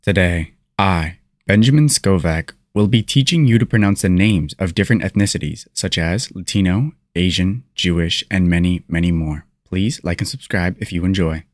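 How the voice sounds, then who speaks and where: A man hosting a parody pronunciation video, talking in a deliberate deadpan monotone. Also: low voice, dry recording, studio quality.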